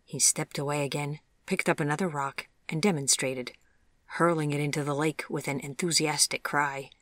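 Gentle, measured audiobook narrator. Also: medium pitch, fairly even intonation, dry recording, studio quality. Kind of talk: scripted storybook narration.

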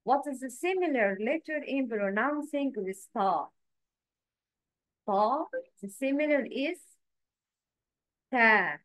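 A woman's voice: sits high, lively intonation, takes it slowly, pauses often, fairly bright tone, dry recording, low-quality recording. A woman teaching letter pronunciation, patiently repeating words and prompting her pupils to repeat after her. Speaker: Quran reading teacher. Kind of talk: pronunciation lesson.

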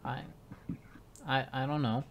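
A frightened young servant girl , as a man puts her on, stumbling over her words and speaking softly. She sounds meek and eager to please. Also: on the high side, animated, normal speed, a little hiss or hum, voice pushed up. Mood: timid. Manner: stammering, fearful. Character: timid young female ghoul servant.

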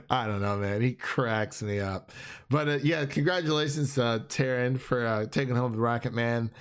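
A young man in a relaxed film conversation, rambling and laughing as he goes. His pitch sits in the middle range. He often trips over his words and starts again. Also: measured pace, smooth. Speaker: film podcast co-host. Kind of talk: casual chat.

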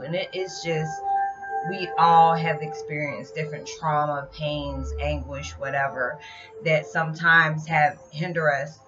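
A woman talking casually and confidingly to her channel about spiritual matters, in a rambling, heartfelt way. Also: low-pitched. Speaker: vlogger. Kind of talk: casual spiritual vlog talk. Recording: slightly dull lo-fi sound with music behind. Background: music.

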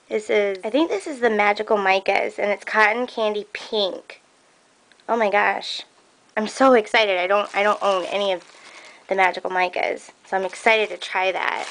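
A woman chatting excitedly as she unboxes craft gifts, gasping and gushing, with lots of "like" and "oh my God". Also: mid-range voice, a little hiss or hum, poor audio. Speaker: crafting vlogger. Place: crafting room at home.

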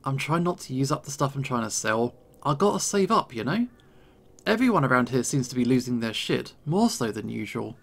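A man's voice: mid-range voice, sing-song, a little fast, gravelly, a bit bright, exaggerated voice. A man doing a laid-back, swearing fox dealer. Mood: annoyed. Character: calm, lackadaisical young fox man dealer.

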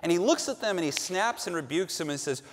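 High-voiced pastor preaching in a reverberant hall. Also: male voice, expressive, brisk. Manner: emphatic, repeats phrases with rising force. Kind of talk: sermon. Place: large church sanctuary.

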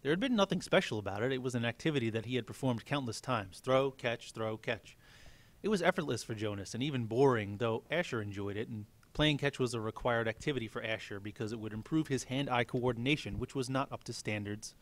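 Male teacher, steady read-aloud narration, mid-range voice. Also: mid-range voice, fast, hardly any pauses.

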